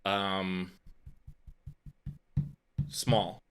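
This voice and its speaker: Guy, lowish voice but bright and sharp, lots of uhs. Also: level tone, extremely slow, a little hiss or hum. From United States. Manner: hesitant, answers with fillers. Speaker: podcast co-host. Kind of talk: casual comedic chat.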